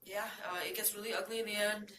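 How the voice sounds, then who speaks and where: A young woman from New Mexico rambles excitedly and profanely about her favorite movie heroines. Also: mid-range voice, quick pace, slight background noise. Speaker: vlogger. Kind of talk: casual movie-list chat. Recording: roomy, from a distance.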